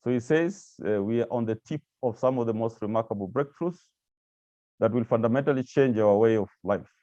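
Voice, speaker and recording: A man's voice: medium pitch, fairly quick, warm tone, no echo, lo-fi sound. A man giving a presentation with slides to staff of agencies, speaking hesitantly with many repeated words and fillers. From Kenya.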